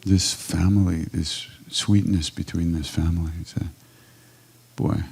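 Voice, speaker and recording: In an ashram hall during a live retreat Q&A, an older kirtan teacher shares warm anecdotes conversationally. His deep voice stays level and unhurried, with a creaky, husky texture.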